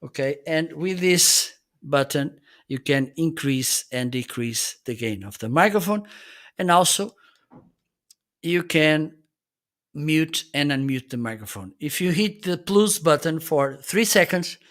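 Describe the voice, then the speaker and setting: A man's voice: fairly high pitch, animated, measured pace, a bit bright. Man casually demoing gear on a livestream. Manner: explanatory, often checks in with "okay". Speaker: livestream host reviewing gear. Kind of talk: casual product demonstration.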